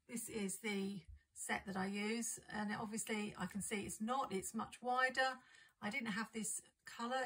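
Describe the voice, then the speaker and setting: Woman, craft vlogger, chatty and eager, crisp bright tone with a husky edge. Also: mid-range voice, rough recording. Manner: chatty, enthusiastic, describing items as she shows them. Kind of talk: casual haul unboxing chat.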